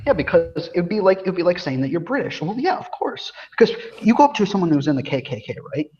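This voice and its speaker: Fast, emphatic man on a podcast. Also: sits high, very animated, a little mellow, husky, dull audio. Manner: emphatic, rapid, repeats words while building a point. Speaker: podcast co-host. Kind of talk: casual podcast chat.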